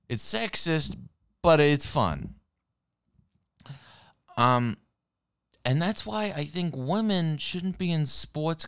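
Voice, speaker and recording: A man rambles through an angry monologue about sports, cursing freely and stumbling over his own sentences. His voice sits a little high and comes across smooth and resonant. Now and then he pauses to sip whiskey. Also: a bit bright. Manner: rambling, heavy swearing, frequent restarts; sipping whiskey while talking. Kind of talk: profane sports rant monologue.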